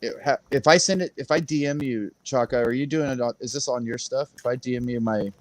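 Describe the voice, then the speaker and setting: Guy rambling thru a funny story, laughing a lot, mid-pitched, dry close mic. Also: brisk, no echo. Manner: rambling, laughs often, acts out quoted voices. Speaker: guest on a crypto livestream. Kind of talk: casual storytelling chat.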